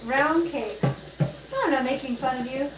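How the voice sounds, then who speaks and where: A woman's voice: high-pitched, moderate pace. A woman hosting a casual livestream from her home kitchen, chatting to viewers in a rambling way while she bakes and tidies. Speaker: livestream host baking at home. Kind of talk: casual live-stream chat while working. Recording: roomy, distant, noisy kitchen sound.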